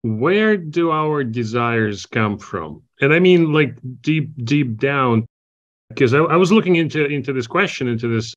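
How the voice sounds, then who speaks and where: A man's voice: medium pitch, animated, measured pace. A man on a casual group call asking a question, musing and searching for words. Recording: muffled lo-fi audio.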